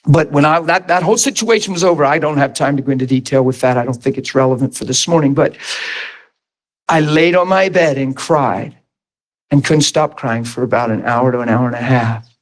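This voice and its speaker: A man's voice: mid-range voice, a little fast. A middle-aged man preaching a fervent, emphatic sermon testimony as pastor, laughing between points.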